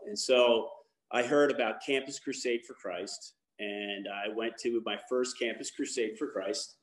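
A man's voice: mid-range voice, steady tone, moderate pace. Candid man with fillers in an echoey room. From Baltimore. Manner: candid, rambling with many fillers and restarts. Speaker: guest speaker, lacrosse coach. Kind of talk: personal testimony talk.

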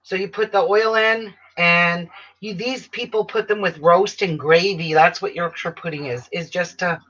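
A woman's voice: fairly low pitch, steady tone, moderate pace, fairly bright tone, slightly rough. Chatty woman, dull lo-fi sound. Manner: chatty, rambling, trails off with restarts. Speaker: quilting channel host. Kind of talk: casual live-stream chat. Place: indoors at home. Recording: dull lo-fi audio, faint noise.

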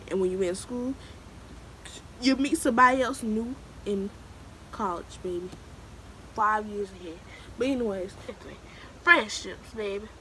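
On poor audio with a bit of hiss or hum, a late-teen vlogger with a mid-range voice talks to the camera, offering new students casual advice. She hammers points home by repeating them, sounds preachy, and keeps calling the viewer "baby."

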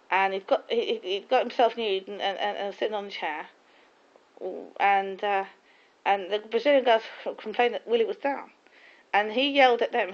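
A woman's voice: medium pitch, gravelly. A woman in casual chat, telling rambling, gossipy stories full of restarts. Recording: dull lo-fi recording.

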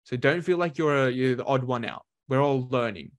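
Energetic man giving a motivational talk. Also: medium pitch, brisk, no echo, clean studio sound. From Australia. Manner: energetic, uses lively voice changes for emphasis. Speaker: workshop speaker.

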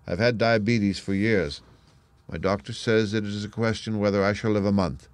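A man reading the part of a weary, guilt-ridden old man who is dying, in a slow, heavy, confessional way. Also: on the low side, fairly even intonation, clean tone, dry recording, close to an everyday voice. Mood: grave. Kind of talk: audiobook reading.

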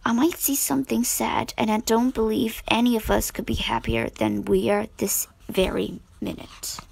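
A woman's voice: fairly high pitch, steady tone, normal speed, gravelly, a little mellow, slightly rough, heavily acted, low-quality recording. A woman voicing a spirited teenage girl in a storybook reading. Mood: wistful.

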